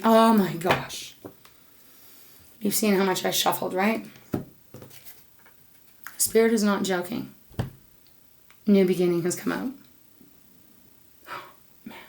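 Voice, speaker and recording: A woman's voice: medium pitch, steady tone, slow pace, vocal fry, long pauses, a little mellow, a little hiss or hum. A woman giving a tarot reading to her viewers, emotional and affectionate, gushing and repeating her words. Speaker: tarot reader.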